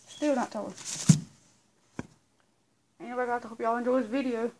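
A woman's voice: a little high, steady tone, moderate pace, long pauses, darkish tone. A woman vlogger chatting casually to her viewers, rambling and repeating herself as she talks. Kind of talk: casual vlog chat to viewers.

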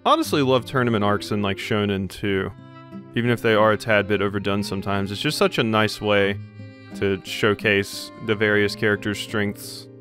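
A man's voice: lowish voice, normal speed, a bit bright. A man giving casual let's play commentary, musing and reading game text aloud. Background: game music.

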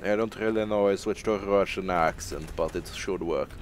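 Over a slight hiss, a deep-voiced young man streams a game at a moderate pace. He is a rambling, self-deprecating streamer whose live commentary is packed with laughter and swearing.

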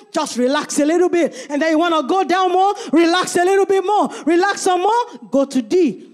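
A woman's voice: high voice, normal speed, darkish tone. A middle-aged woman pastor preaching a sermon, emphatic and calling out to members of the congregation. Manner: emphatic, calls out to the congregation by name.

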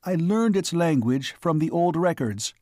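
A man voicing a male historian from the far future who speaks an old language haltingly, searching for each word. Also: a little high, expressive, a little mellow, no echo, clean studio sound, pitched above the performer's own voice.

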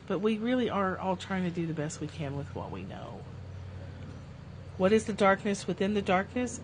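A woman hosting a livestream, reading spiritual passages aloud in a calm, slow way and breaking off into casual, joking asides. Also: on the low side, a little hiss or hum.

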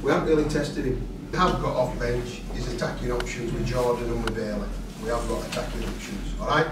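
A man's voice: mid-range voice, steady tone, fairly quick. A man, coaching a football team with blunt, direct instructions at an outdoor ground. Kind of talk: team talk and touchline shouting. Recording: roomy, distant, noisy outdoor sound.

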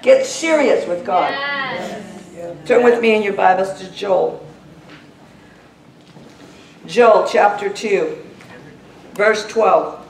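A woman preacher delivering a fervent sermon, pressing her story of an altar call into loud, urgent prayer. Her voice sits at a middle pitch and carries through a roomy church. She is heard from some distance off the mic. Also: takes it slowly, gravelly, pauses often. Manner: fervent, building to a shouted prayer. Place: church sanctuary.

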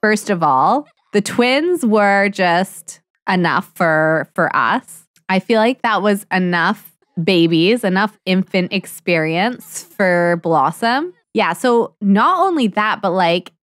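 A young woman talks through her life-sim game in a chatty, thinking-out-loud way, now and then slipping into lines for her characters. Her voice sits at an ordinary middle pitch. The sound is dry and close, with no room around it. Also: slow, dry recording. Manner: chatty, excitable, voices her sims in asides. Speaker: let's play streamer. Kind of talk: casual gameplay commentary.

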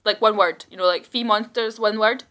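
Excitable rambling woman, bright voice. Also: mid-range voice, moderate pace. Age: 30s. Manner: rambling, excitable, self-mocking. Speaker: vlogger. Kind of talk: casual video message. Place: indoors at home, seated.

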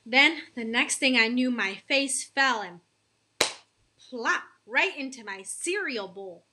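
A woman's voice: a little high, expressive, slow pace, background noise. A woman reading a children's chapter book aloud, asking her young listeners questions.

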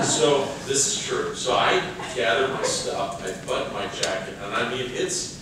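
A man's voice: medium pitch, normal speed, very noisy. Guy telling a funny story on stage, laughs as he goes, far from the mic, big echoey room. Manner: animated storytelling, laughing through lines. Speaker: speaker telling a story to an audience. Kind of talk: humorous anecdote. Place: large hall with a live audience.

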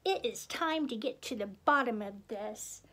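A woman's voice: fairly high pitch, animated, measured pace, pushed and bright, pitched below the performer's own voice, heavily acted. A woman voicing a vain, dramatic female pig star with a haughty, theatrical manner. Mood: furious. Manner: theatrical, haughty, shrieking when angry.

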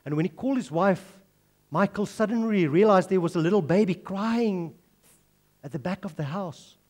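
High-voiced preacher. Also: male voice, normal speed, a little mellow. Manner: storytelling, impassioned pleading. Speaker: pastor. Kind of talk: sermon.

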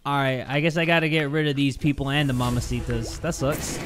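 A man doing let's play commentary as a gaming YouTuber, joking crudely and yelling at the game. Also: mid-range voice, steady tone, fairly quick, hardly any pauses, soft background music.

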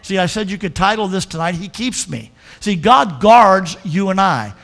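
A man's voice: sits high, expressive, moderate pace, vocal fry, a bit bright. A man pastor preaching a folksy, emphatic sermon with lots of repetition.

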